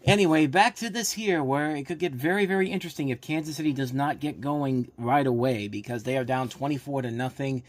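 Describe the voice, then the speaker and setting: A man hosting a live rewatch, giving excitable play-by-play commentary with frequent restarts. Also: medium pitch, fairly quick, hardly any pauses, no echo. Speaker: host live-reacting to a football game. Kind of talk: casual live sports commentary.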